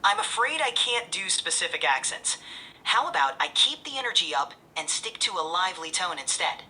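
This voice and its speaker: A woman's voice: on the low side, lively intonation, moderate pace, sharp tone. A synthetic woman's voice acting as an AI assistant, answering in a cheerful, eager and polished way. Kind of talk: upbeat assistant replies.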